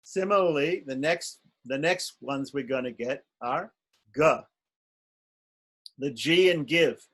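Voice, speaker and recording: A man's voice: medium pitch, slow pace, pauses often, a bit bright. A man teaching Sanskrit consonants in an online class, patiently repeating each sound and explaining it step by step. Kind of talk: slow, patient online lesson.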